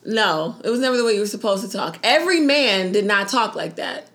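A woman's voice: mid-range voice, expressive, a little fast, a bit bright. A woman co-hosting a podcast in casual, blunt chat, swearing freely and sounding exasperated. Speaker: podcast co-host.

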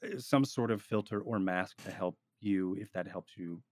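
A man in casual podcast chat giving roleplay advice, rambling and animated, with frequent restarts. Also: low voice, moderate pace.

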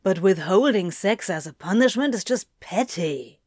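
A woman voicing an irritable, easily flustered adult man in a slow audiobook reading, grumbling and snappish. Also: mid-range voice, animated, a little mellow, dry recording, studio quality, natural voice. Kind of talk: audiobook reading of fan fiction.

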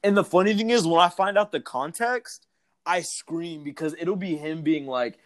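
In a casual podcast chat, this young co-host swears freely, speaks candidly, and laughs a lot. His pitch is fairly high, his tone a bit bright, and he talks at a normal speed.

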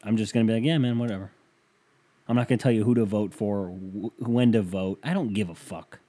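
Mellow-voiced man, profane and rambling. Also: fairly low pitch, steady tone, fast talker. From United States. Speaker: podcast host. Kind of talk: casual solo podcast chat, reading listener emails.

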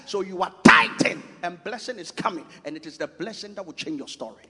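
A man preaching a sermon, emphatic and repetitive, shouting out scripture and lists of points. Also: sits high, expressive, brisk, hardly any pauses, husky. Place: church. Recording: long reverb of a church hall.

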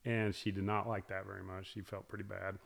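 A middle-aged man in casual conversation, telling a long story with many restarts and soft, trailing asides. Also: deep voice, little pitch movement, fairly quick, gravelly. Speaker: guest talking about hunting with his daughters.

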